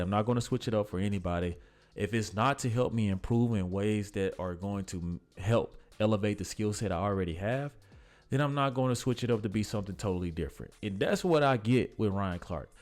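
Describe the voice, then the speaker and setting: A man giving blunt, exasperated sports commentary in a casual vlog, often calling the listener "bro". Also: on the low side.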